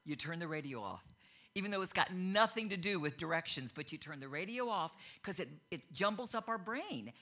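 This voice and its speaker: Bright-voiced woman preaching a testimony. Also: lowish voice, expressive, fairly quick. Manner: storytelling, acts out quoted voices. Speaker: speaker at a church gathering. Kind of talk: personal testimony sermon.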